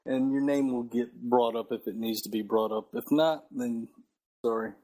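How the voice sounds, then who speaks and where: A man's voice: medium pitch, sing-song, normal speed, gravelly, mellow, low-quality recording. A man co-hosting a podcast, rambling and repeating words as he explains things. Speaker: podcast co-host. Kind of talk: casual chat.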